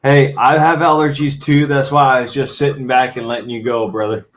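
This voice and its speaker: A man's voice: medium pitch, level tone, a little fast. A man hosting a casual stream, talking profanely and teasing, switching to baby talk with his dog. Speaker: stream host. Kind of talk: casual chat while playing with his dog.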